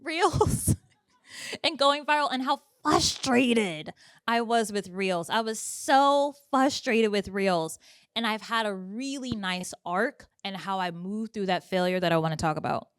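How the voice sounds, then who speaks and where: A woman giving a lively motivational business talk to a live audience, chatting with the crowd in a conversational way. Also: medium pitch, unhurried, clear, resonant tone, no room sound, clean studio sound. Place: event room with audience.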